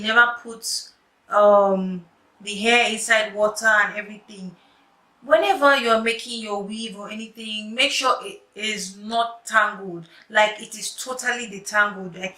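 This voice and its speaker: A young woman, telling a story and showing a hair fix in a chatty, lively way, sometimes dropping to quiet asides. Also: medium pitch. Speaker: wig maker vlogger. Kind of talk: casual storytelling tutorial. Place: room at home at night. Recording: echoey room, distant mic, faint noise.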